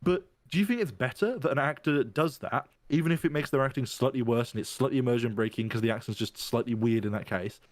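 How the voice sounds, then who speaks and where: A man talking quickly in a relaxed podcast conversation, circling and restarting his sentences as he works out what he means. The voice sits at an ordinary middle pitch, and the sound is close and dry. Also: no echo. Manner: rambling, thinks aloud with many restarts. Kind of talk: casual chat.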